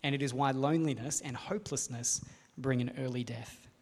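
A man preaching a sermon to a gathered room, speaking in an earnest, measured way and pausing for rhetorical questions. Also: mid-range voice, darkish tone, husky. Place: hall with a live audience. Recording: long reverb of a large hall.

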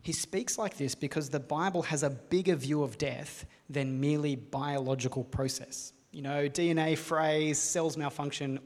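A man preaching a sermon to a gathered room, speaking in an earnest, measured way and pausing for rhetorical questions. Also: medium pitch, a little mellow. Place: hall with a live audience. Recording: long reverb of a large hall.

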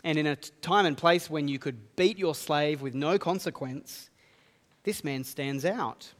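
A man's voice: fairly high pitch, unhurried. Man preaching in a reverberant hall. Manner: earnest expository preaching, reading scripture aloud. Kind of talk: sermon.

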